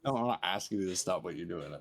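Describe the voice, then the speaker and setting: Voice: low voice, animated, quick pace, gravelly, a crowd in the background. A joking, easygoing gaming friend chatting casually. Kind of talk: casual chat.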